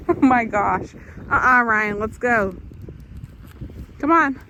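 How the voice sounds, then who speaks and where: A woman's voice: a little high, pushed and bright, muffled recording, a little hiss or hum. A young woman vlogging a child's nature walk outdoors in a park, chatty and upbeat with frequent laughter. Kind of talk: casual narration to viewers.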